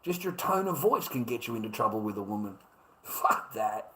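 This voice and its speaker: An Australian man rants in a profane, repetitive monologue, stammering and restarting his sentences. His voice is fairly low and sing-song, with a sharp tone at normal speed, and the audio quality is poor.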